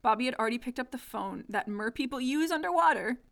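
A woman's voice: a little high, expressive, fast talker, gravelly, fairly bright tone. A young adult woman co-hosting a podcast, reading a story aloud and chatting in an amused way. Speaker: podcast co-host. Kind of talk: reading a childhood story aloud, casual chat.

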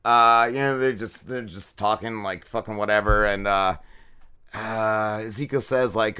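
In a lowish, smooth, sharp-toned voice, a man co-hosting a podcast recaps an episode at a measured pace with fairly even intonation. The chat is casual and meandering, full of swearing and filler.

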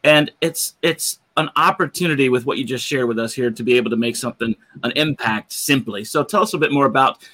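Hyped-up bright male show host. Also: medium pitch, fairly quick, hardly any pauses. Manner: excitable, enthusiastic, hyped up. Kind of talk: live show chat.

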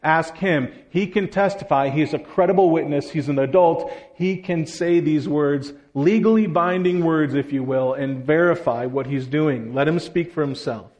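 A man's voice: on the high side, normal speed, hardly any pauses, a little mellow. A man preaching a sermon, speaking to children and the congregation and acting out the quoted lines of scripture with expression. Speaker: pastor.

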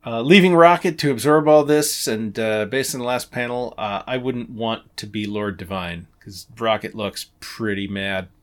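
A man's voice: fairly low pitch, moderate pace, hardly any pauses. A man in his forties hosting a comics podcast, chatting casually, laughing often and swearing now and then. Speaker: podcast host. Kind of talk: casual chat.

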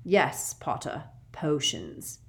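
A stern older female professor speaks in crisp, curt sentences with a haughty edge, as a woman reader puts her on. Her delivery is clipped yet lively in pitch, pitched a little lower than most women. It is a storybook audiobook character voice. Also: extremely slow, exaggerated voice.

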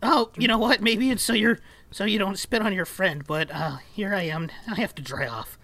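A woman's voice: medium pitch, moderate pace, a bit bright. A woman voicing a flustered, stammering tavern keeper in tabletop role-play. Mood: fussy.

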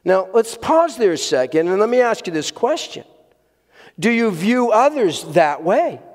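A man's voice: sits high, very animated, a little slow. Emphatic man preaching in a reverberant hall. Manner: emphatic, earnest, repeats key words for stress. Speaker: pastor. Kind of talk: sermon. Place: church sanctuary with congregation.

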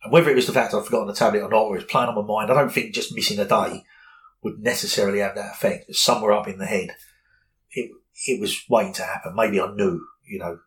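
A man's voice: on the low side, fairly even intonation, quick pace, fairly bright tone, rough recording. A middle-aged man, candidly telling a personal story in an interview, rambling with many fillers.

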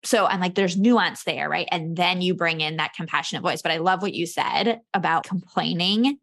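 A woman's voice: fairly low pitch, normal speed, vocal fry, a bit bright. Upbeat woman podcast host. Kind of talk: casual podcast conversation.

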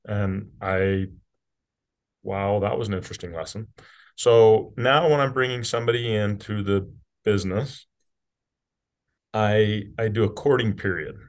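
A man's voice: fairly low pitch, unhurried, pauses often. A middle-aged man from rural Utah, a company CEO talking candidly as a podcast guest, blunt and casual, with the odd swear word. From rural Utah, USA. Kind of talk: candid conversational interview.

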